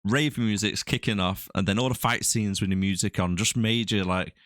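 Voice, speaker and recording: A man's voice: on the low side, steady tone, normal speed, fairly bright tone, no echo, clean studio sound. A man co-hosting a movie podcast in casual banter, teasing and laughing often. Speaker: podcast co-host.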